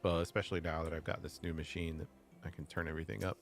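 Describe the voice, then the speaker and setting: A man with a fairly low voice chatting casually while he plays a video game on stream. He tosses off amused little asides as soft game music plays in the background. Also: level tone, rapid-fire, creaky. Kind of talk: casual gameplay commentary.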